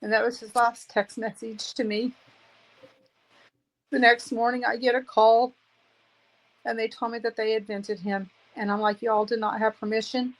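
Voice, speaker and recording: Indignant woman, flat-voiced, repeating herself. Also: a little high, a little slow, long pauses, rough recording. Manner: earnest, repeats phrases for emphasis; aggrieved, indignant. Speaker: widow giving testimony. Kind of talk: emotional personal testimony.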